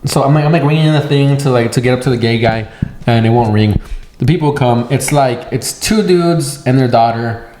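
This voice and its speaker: A man's voice: mid-range voice, brisk. A young man co-hosting a podcast, telling a rambling story in casual chat and swearing freely. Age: young adult. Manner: rambling storyteller, acts out voices, swears a lot. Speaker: podcast co-host. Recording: echoey room with faint noise.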